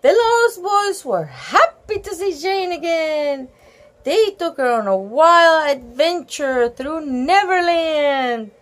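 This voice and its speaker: Woman reading a kids book out loud, gasps and chats about the pictures, high voice, slow. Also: poor audio. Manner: animated, gasps and exclaims over the pictures. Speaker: storybook reader. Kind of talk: reading a picture book aloud with chatty asides.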